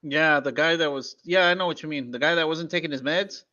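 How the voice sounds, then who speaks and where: Young male co-host, bright and forceful tone, slightly high, blunt profane interjections, lo-fi mic. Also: brisk. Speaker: podcast co-host. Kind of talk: casual chat. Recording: dull lo-fi mic.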